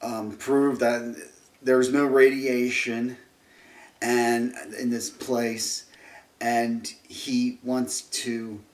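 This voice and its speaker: A man's voice: mid-range voice, level tone, drawn-out words. A man ranting through a film review, rambling, restarting sentences and turning sarcastic. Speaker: movie reviewer. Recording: roomy echo, distant mic.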